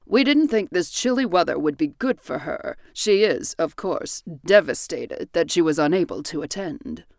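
A woman voicing a stern, reserved father from a period story, speaking in a measured, formal way. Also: lowish voice, expressive, no echo, studio quality. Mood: grave.

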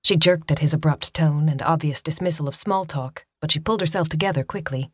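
A woman narrating a romance novel in a steady, measured audiobook reading. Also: sits low, husky, dry recording, clean studio sound. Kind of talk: scripted narration.

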